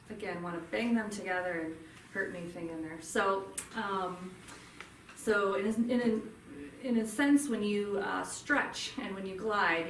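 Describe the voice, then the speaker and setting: Woman coaching voice warm-ups, roomy distant sound. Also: medium pitch, slight background noise. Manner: friendly, demonstrates hums and sounds. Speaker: speech-language pathologist leading a voice workshop. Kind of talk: live workshop instruction. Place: room with a group. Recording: roomy, from a distance, faint ambience.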